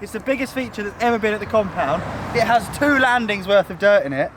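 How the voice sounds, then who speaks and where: A man's voice: sits high, expressive, fast talker, noisy background. A young man vlogging outdoors, chatty and enthusiastic, out of breath. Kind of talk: casual vlog walkthrough. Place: outdoors at a building site.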